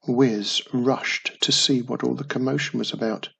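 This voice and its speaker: A man narrating a children's storybook in a slow, husky, gravelly voice. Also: medium pitch, steady tone, pushed and bright.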